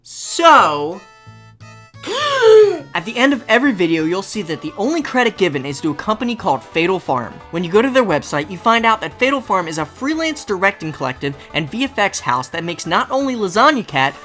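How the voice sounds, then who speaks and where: Woman doing reaction commentary, bouncy pitch, bright voice, sarcastic, soft music behind. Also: a little fast, hardly any pauses. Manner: animated, sarcastic, exclamatory. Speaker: host.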